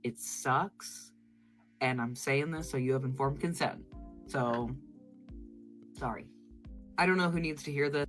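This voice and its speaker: A woman with a low, deep speaking voice talks bluntly and profanely, lecturing her viewers in casual vlog commentary. Soft music plays behind her. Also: a little slow, pauses often. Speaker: vlogger.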